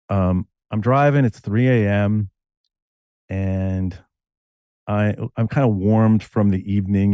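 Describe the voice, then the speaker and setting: A middle-aged man from Connecticut, a screenwriter and novelist, talking as a guest in a casual interview, telling stories in animated, quick bursts. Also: sits low, no room sound.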